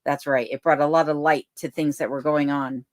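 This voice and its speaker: A woman hosting a live stream from her home, reading viewer comments aloud and chatting back in a relaxed, easygoing way. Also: deep voice, fairly quick, no echo, clean studio sound. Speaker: livestream host reading chat comments. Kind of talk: casual live chat. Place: home in remote Alaska. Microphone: desk microphone.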